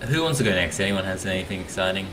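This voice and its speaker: Australian male host, deep-ish, bright tone, laid-back. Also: animated, rapid-fire. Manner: laid-back, trailing off quietly. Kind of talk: casual chat.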